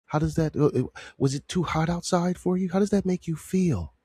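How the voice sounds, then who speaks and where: A man imitating an overly gentle woman therapist who talks softly and asks prying questions. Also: a little high, slightly rough, no echo, studio quality, pitched above the performer's own voice. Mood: mock gentle. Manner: soft, slow, prying questions.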